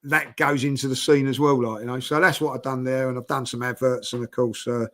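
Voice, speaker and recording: A man's voice: mid-range voice, little pitch movement, a little fast, a bit bright. Rambling older man. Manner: rambling, many fillers and restarts. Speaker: podcast guest. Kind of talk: casual storytelling chat.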